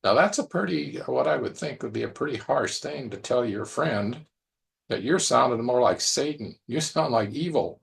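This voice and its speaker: A man's voice: medium pitch, expressive, moderate pace, gravelly. A man preaching a conversational sermon, musing aloud and repeating phrases as he reflects.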